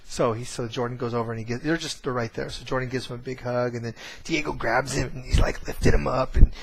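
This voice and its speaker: A man's voice: mid-range voice, steady tone, quick pace, creaky, husky. Male trainer, casual vlog storytelling, rambling delivery with frequent restarts. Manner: rambling, many fillers and restarts. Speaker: course trainer.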